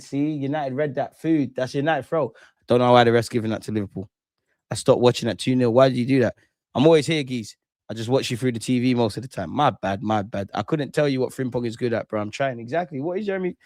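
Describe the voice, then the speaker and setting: Recorded with studio quality and no echo, a young male streamer with a mid-range voice runs a football watch-along. His casual live commentary is excitable, packed with banter and trash talk as he chats with his viewers.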